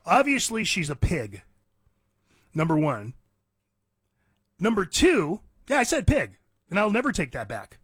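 A man's voice: sits high, huge pitch swings, unhurried, pauses often, a bit bright, slightly rough, dry recording. A man hosting talk radio, ranting bluntly and combatively in an opinionated monologue from a radio studio.

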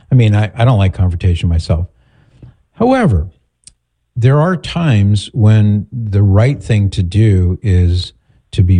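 A man hosting a call-in advice show, counseling a caller in a measured, patient way. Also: on the low side, mellow, husky. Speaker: radio advice host.

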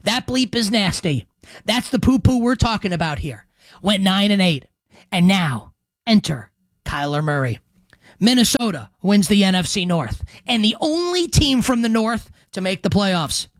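A man's voice: high voice, very animated, a little slow, no echo. A man hosting a sports radio show, making emphatic predictions with crude joking asides. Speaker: sports talk host.

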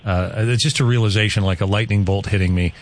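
A man's voice: on the low side, fast. Chatty male radio host. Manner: chatty, excitable storyteller. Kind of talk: casual radio chat.

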